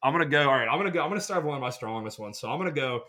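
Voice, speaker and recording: A man in casual podcast chat, telling a rambling, animated story. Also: medium pitch, racing.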